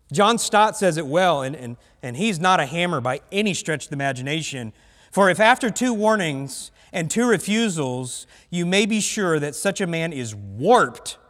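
A man's voice: on the high side, fairly bright tone, long reverb tail. A male pastor from the United States preaching a sermon bluntly, with conversational asides to his congregation. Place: church sanctuary.

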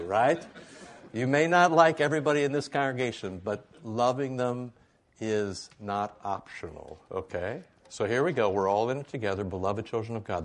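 A middle-aged man preaching a sermon to a congregation in an easygoing, conversational way, often checking in with "right?". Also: lowish voice.

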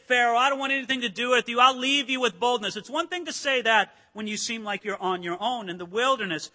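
A pastor preaching a sermon in an emphatic, dramatic way, acting out quotes and rising to shouts. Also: male voice, high-pitched. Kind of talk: expository sermon. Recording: long hall reverb.

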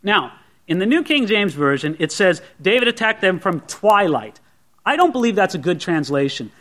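A man's voice: high voice, a bit bright. A pastor preaching a sermon to his congregation in an earnest, conversational way, often asking rhetorical questions.

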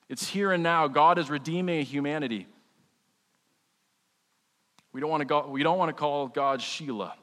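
Speaking conversationally and with humor, this pastor keeps starting his sentences over as he preaches his sermon. His voice is slightly high and echoes with a long reverb, like in a big church sanctuary.

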